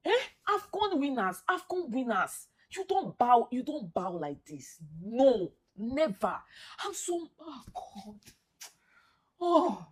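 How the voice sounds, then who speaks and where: A woman's voice: fairly high pitch, big pitch swings, slow, few pauses, husky. A young woman with a Nigerian accent ranting as an upset football fan, pleading and repeating herself. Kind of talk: emotional reaction rant.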